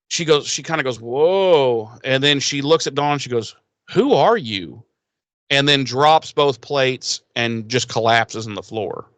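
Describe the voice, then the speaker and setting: Guy on a podcast swearing his way through an episode recap, kinda high voice, dry close sound. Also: fairly bright tone, dry recording. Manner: loose, profane storytelling with frequent fillers. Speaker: podcast co-host. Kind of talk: casual chat recapping a TV episode.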